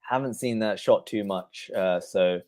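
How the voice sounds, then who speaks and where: A man's voice: on the low side, unhurried, darkish tone. A man giving live play-by-play of a tennis match on a stream, calling each shot in turn and answering chat comments between points.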